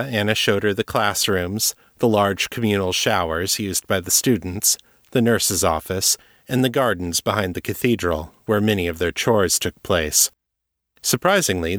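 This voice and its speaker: A man giving a steady, measured scripted narration of a fantasy story. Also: sits low, dry recording, studio quality. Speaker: audiobook narrator.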